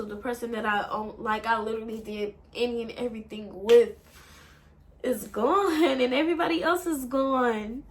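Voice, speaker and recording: A young woman telling an emotional story in a halting way, full of fillers and swearing, and fighting back tears. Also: fairly high pitch. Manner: halting, with many fillers and profanity. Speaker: vlogger.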